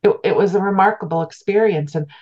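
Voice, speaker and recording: A woman's voice: mid-range voice, fast talker. A middle-aged woman, a spiritual teacher, earnestly telling a personal story as an interview guest, often restarting her words. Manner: earnest, reflective, repeats words as she restarts. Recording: dull lo-fi sound.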